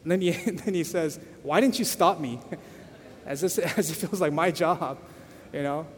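High-voiced pastor preaching in a church. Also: male voice, moderate pace. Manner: animated, repeats words, addresses congregation. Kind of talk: sermon storytelling. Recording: echoey church hall.

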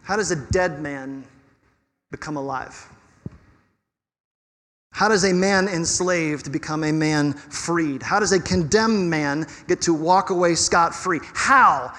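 A man preaching a sermon as pastor, conversational and animated, asking his listeners rhetorical questions. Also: high-pitched. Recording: long reverb of a hall.

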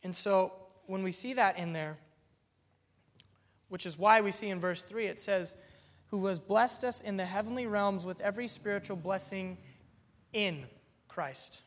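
Guy preaching a sermon, fairly high voice, earnest, explains stuff with simple examples, long reverb. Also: normal speed.

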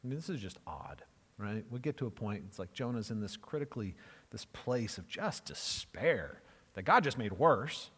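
A man's voice: on the low side, sing-song, normal speed, fairly bright tone, slightly rough, in a large hall. A man preaching a sermon as pastor, emphatic and conversational, repeating phrases for effect.

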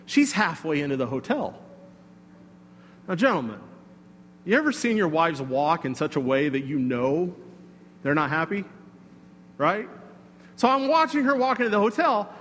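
Man, pastor, sermon, chatty storytelling, slightly high voice, long hall reverb. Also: unhurried, long pauses, a little hiss or hum. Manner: conversational and animated, with fillers and asides to the congregation.

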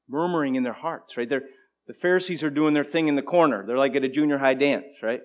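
A man preaching a sermon, moving between emphatic declarations and hushed, conversational asides to the congregation. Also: mid-range voice, quick pace. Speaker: pastor.

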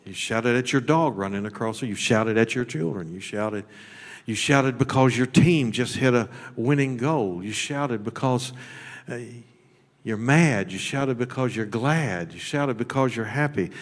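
A man preaching a sermon as pastor. His delivery is folksy and blunt, with repeated words, and it swings between shouted high peaks and low, close talk. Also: measured pace. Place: church sanctuary. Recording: long hall reverb.

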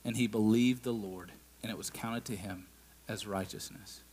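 A man's voice: on the low side, steady tone, normal speed, darkish tone, slightly rough. A man preaching a sermon in a conversational style, with asides and acted-out quotes. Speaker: pastor.

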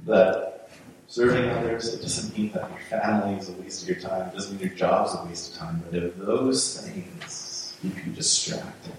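Low-voiced guy preaching in church, chatty sermon, lots of restarts, super echoey and kinda far from the mic. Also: normal speed, slight background noise. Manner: conversational, with frequent restarts and repeated words. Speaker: pastor. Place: church sanctuary.

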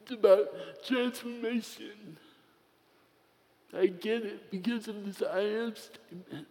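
Slow, high-voiced male preacher in a hall. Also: darkish tone. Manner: slow, storytelling with playful humor. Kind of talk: sermon with personal story. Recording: long reverb of a large hall.

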